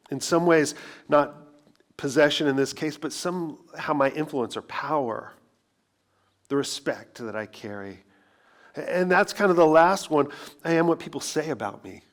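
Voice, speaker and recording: Conversational pastor man preaching a sermon. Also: medium pitch. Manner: conversational, rhetorical questions, self-deprecating asides.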